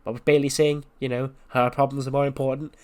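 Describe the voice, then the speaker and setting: A man's voice: level tone, fast talker, a little mellow, clean tone, natural voice. A man voicing a cocky woman wrestler who shushes and keeps repeating herself. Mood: dismissive. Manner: high, insistent, repeats itself.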